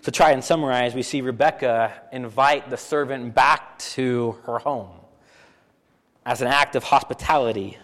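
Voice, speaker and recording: A man preaching a sermon as pastor, animated and full of rhetorical questions, often repeating phrases for emphasis. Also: medium pitch, moderate pace, big-room sound.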